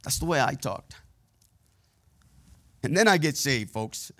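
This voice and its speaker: Preaching with a bright, forceful tone, a man with a medium-pitched voice and lively intonation takes his time. He tells personal stories frankly and plainly, checking in with the congregation through call-and-response asides in a conversational style.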